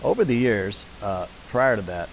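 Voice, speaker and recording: A man's voice: fairly low pitch, moderate pace, a little hiss or hum, low-quality recording. An older man, an interview guest and veteran community theater actor, reminiscing in conversation and perking up when he quotes people. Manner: anecdotal, animated when quoting people.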